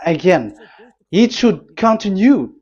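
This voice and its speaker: Man, sermon, higher voice, emphatic questions, dull lo-fi sound. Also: sing-song, takes it slowly, a little mellow. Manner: emphatic, rhetorical questions, frequent fillers. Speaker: preacher. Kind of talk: sermon with scripture reading. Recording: slightly dull lo-fi audio.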